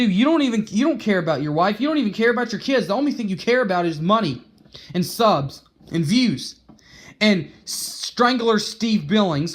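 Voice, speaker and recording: High-voiced man in a profane, heated rant. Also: animated, normal speed. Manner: heated, profane, repeats and restarts words. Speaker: vlogger. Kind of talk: angry rant to camera.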